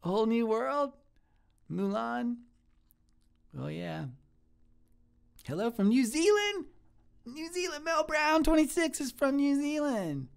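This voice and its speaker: Playing a gentle, bashful restaurant cook in his thirties during an improv comedy stream, the man puts on a very high, gravelly, exaggerated voice. He goes slowly with frequent pauses, rambling sincerely and lapping up any flattery.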